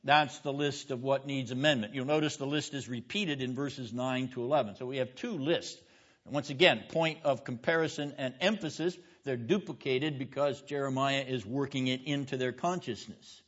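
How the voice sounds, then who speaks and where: A man's voice: mid-range voice, moderate pace. A man teaching a seminary classroom lecture, stressing his points with rhetorical questions and calling on students by name. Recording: dull lo-fi classroom recording.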